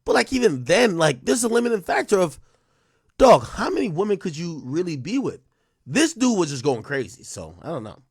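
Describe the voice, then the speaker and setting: Male stream host: husky, dry close sound, loose and profane, loud excited bursts. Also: sits high, fairly quick, no echo. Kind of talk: casual live-stream chat reading donations.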